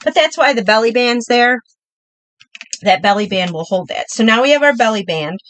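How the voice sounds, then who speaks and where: A woman's voice: on the high side, expressive, moderate pace, fairly bright tone, rough recording. A middle-aged woman hosting a live crafting demo, chatty and upbeat, talking through each step while she works.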